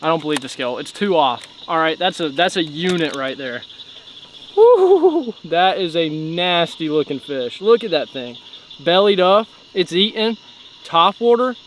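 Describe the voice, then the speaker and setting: Out on a boat for a night of fishing, a young man gives excitable vlog commentary full of exclamations and occasional whoops. He speaks at a moderate pace in a slightly high voice, over a little hiss or hum. Crickets and insects chirp around him in the dark.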